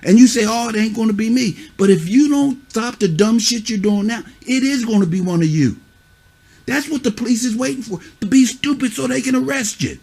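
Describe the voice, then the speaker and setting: A man's voice: very high voice, lively intonation, a little fast, vocal fry, darkish tone, breathy edge. A middle-aged man acting as a youth mentor, lecturing children sternly and bluntly, cursing and pressing them with repeated questions. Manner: scolding, repeats "huh?" and "you see what I'm saying"; blunt, curses.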